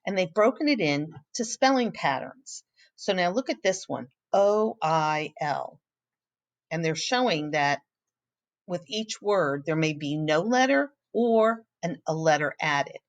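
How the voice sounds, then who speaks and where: A woman with a low voice teaching a recorded phonics lesson. She speaks slowly and patiently, and she often pauses to encourage her pupils. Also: animated.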